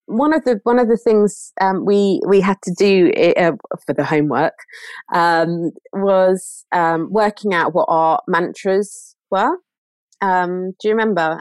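A woman's voice: fairly low pitch, a little mellow, dry recording. A woman speaking as a podcast guest in a casual chat, earnest and reflective, often restarting her sentences.

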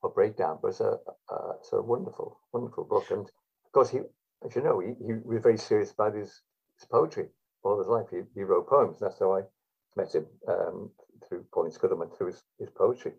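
Guy rambling through old stories, lowish gravelly voice, dull lo-fi sound. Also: fairly quick, darkish tone. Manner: rambling, hesitant, many fillers. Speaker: guest. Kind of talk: anecdotal storytelling. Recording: dull lo-fi recording.

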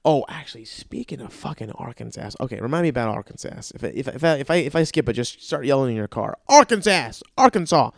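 A man's voice: medium pitch, fast, gravelly, few pauses, a little mellow, dry recording. A young man hosting a podcast, ranting in a profane, comedic way and mocking people with sarcastic voices. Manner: swears constantly, mocks with sarcastic quoted voices. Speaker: podcast host. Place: Los Angeles.

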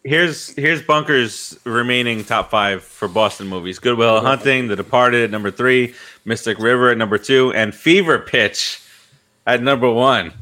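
A man's voice: medium pitch, moderate pace, pushed and bright. A man co-hosting a podcast chat, dropping in dry, teasing remarks. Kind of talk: casual chat.

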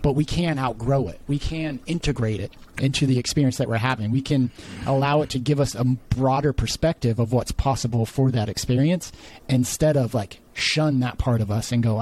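A man's voice: medium pitch, normal speed, darkish tone, rough recording. A man guest on a podcast, earnestly explaining his views on relationships in long, winding, reflective phrases. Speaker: podcast guest, life coach.

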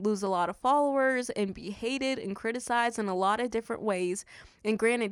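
A woman with a lilt talks through scripture in a relaxed, chatty way, slipping into quoted voices as she goes. Her voice sits a little high, and the recording is close and dry with no room sound. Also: no echo. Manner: conversational, animated, acts out quotes with "he's like". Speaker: podcast host. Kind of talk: casual Bible study podcast.

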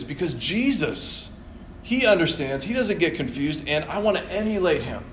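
A young man preaching a sermon in a church, animated and playful, acting out voices as he tells the story. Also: high voice, moderate pace, a little hiss or hum. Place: church hall. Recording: echoey church room, faint ambience.

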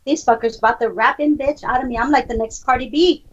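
A woman's voice: sits high, fairly quick, breathy edge. Brash, profane woman on a lo-fi call. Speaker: podcast co-host. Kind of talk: casual chat. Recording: dull lo-fi call audio.

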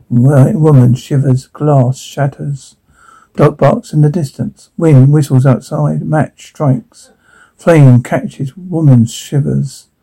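A man reading a transcript aloud, slow and halting, stumbling over words. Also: medium pitch, vocal fry, dark tone, slightly rough, low-quality recording. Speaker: reader.

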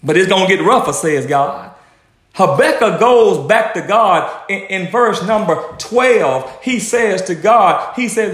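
Male preacher, high and lively, rhythmic repeats, echoey sanctuary. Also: unhurried. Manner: animated, rhythmic preaching with repetitions and acted quotations. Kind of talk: sermon.

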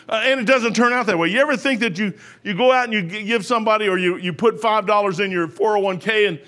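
A man's voice: high-pitched, quick pace, hardly any pauses, fairly bright tone. A man preaching a sermon in a folksy, rambling way, full of restarts.

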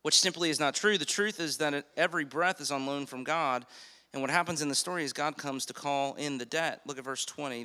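Male pastor delivering a sermon; emphatic, asks the room questions, bright tone, reverberant hall. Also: on the high side, clean tone. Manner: emphatic, slows for key phrases, asks the congregation questions.

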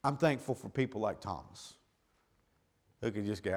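A male pastor, preaching a sermon that swings between quiet, low asides and loud, raised cries. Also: moderate pace, pauses often.

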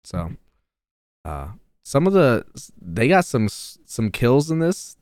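A man's voice: medium pitch, very animated, takes it slowly, a little mellow, no echo, studio quality. A man co-hosting a casual podcast chat, laid-back and chiming in with short remarks. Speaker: podcast co-host.

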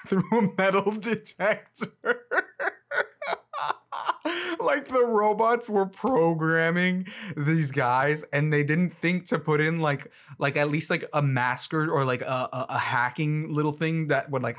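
A young man giving casual, rambling trailer-reaction commentary, full of fillers and quick to laugh. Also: fairly high pitch, fairly bright tone. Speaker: movie commentator.

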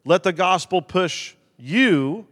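A man preaching a sermon as pastor, animated, swinging between loud emphasis and quiet, confessional asides. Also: high-pitched, slow pace, long reverb tail.

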